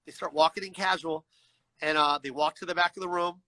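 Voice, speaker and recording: High, bright-voiced man telling a story. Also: a little fast, dry recording, low-quality recording. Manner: animated, acts out voices in his story; frequent "you know what I mean" asides. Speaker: guest storyteller. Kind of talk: casual storytelling on a livestream. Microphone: video call.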